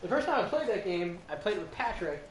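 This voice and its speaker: Talking fast in a high voice, a man chats casually over a game as a playthrough co-host, telling animated stories with lots of laughter. He has lived all over rather than coming from one place. The recording has an echoey room and background noise.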